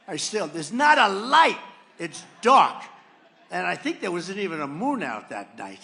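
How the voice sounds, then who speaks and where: An older man telling a rambling, boastful story as a rally speech, swinging from quiet asides to loud punchlines. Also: high-pitched, big pitch swings, moderate pace, gravelly. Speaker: political speaker at a rally. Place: large rally venue.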